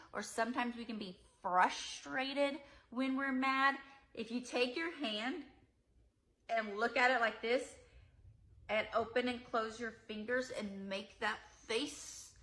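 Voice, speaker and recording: Young female preschool teacher, bright tone, gentle sing-song delivery for toddlers. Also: medium pitch. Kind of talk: demonstration lesson for young children.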